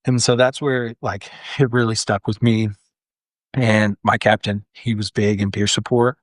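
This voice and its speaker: Young adult male, lower register, dry studio sound; earnest interview guest recounting a story. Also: little pitch movement, unhurried, no echo. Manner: earnest, frequent "like" fillers and restarts. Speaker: firefighter guest. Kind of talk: candid storytelling in a podcast interview.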